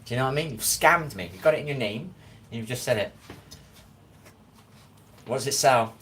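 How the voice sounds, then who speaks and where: A man's voice: mid-range voice, a little fast, a bit bright, a little hiss or hum. Tired chatty West Country man. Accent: West Country English. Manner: rambling, chatty, reads chat names aloud. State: tired after little sleep. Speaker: livestream host. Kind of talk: casual livestream chat. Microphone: phone.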